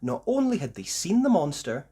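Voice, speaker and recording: A man reading a children's picture book aloud, narrating slowly and expressively for young listeners. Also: on the high side, slightly rough. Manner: slow, expressive storytelling. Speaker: storybook reader.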